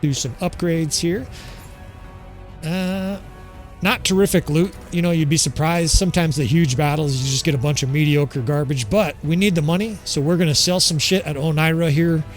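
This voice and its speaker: A man's voice: a little high, normal speed. A man with a slightly raised voice gives casual, unscripted gameplay commentary, candid and peppered with swearing. He talks straight to his viewers while faint game music plays underneath. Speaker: gaming channel host.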